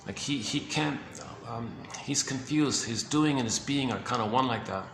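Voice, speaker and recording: A man giving a casual, halting explanation on psychology, often searching for words and repeating himself. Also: mid-range voice, background noise. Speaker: speaker on psychology. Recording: echoey room with faint ambience.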